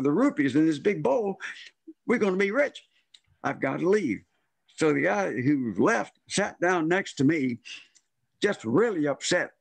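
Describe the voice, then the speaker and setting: A man's voice: fairly high pitch, breathy edge, no room sound. An older man telling a long personal story in a rambling way, acting out the voices of the people in it. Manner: rambling, acts out quoted voices. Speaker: storyteller guest. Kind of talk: casual storytelling.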